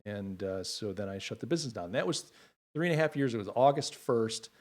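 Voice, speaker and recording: A man's voice: lowish voice, expressive. Heartfelt man hosting a livestream. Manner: heartfelt, emotional, halting with fillers. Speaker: livestream host. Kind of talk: casual livestream chat.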